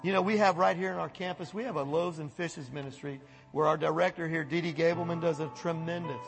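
High, gravelly-voiced man preaching. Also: quick pace, big-room sound, soft background music. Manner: folksy, animated preaching with chuckles and acted-out voices. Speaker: pastor. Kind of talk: sermon. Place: church sanctuary.

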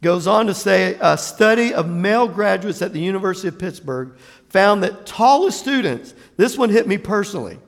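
A man from Jacksonville, Florida, preaching a sermon as pastor, an animated storyteller with laughing asides who acts out voices. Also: high-pitched, normal speed, creaky, in a large hall. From Jacksonville, Florida, USA.

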